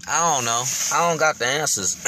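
A man's voice: a little high, unhurried, vocal fry, noisy background. A man hosting his podcast, speaking candidly and reflectively, rambling with lots of fillers and casual swearing. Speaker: podcast host.

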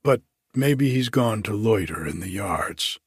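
A man's voice: lowish voice, animated, unhurried, husky, dry recording, clean studio sound, full character voice. A man voicing a matter-of-fact male prison guard. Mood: offhand.

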